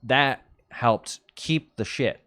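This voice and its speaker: A man's voice: medium pitch, slow pace, bright, forceful tone, dry recording. Rambling young man chatting, dry sound. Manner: rambling, self-mocking storyteller with lots of fillers. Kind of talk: casual chat.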